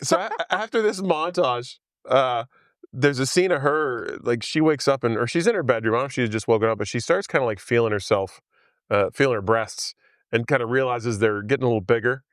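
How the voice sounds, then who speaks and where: A man's voice: medium pitch, brisk, fairly bright tone, dry recording, clean studio sound. A man casually recapping a film on a podcast, rambling with many fillers and frequent laughs. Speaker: podcast host. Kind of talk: casual movie recap chat.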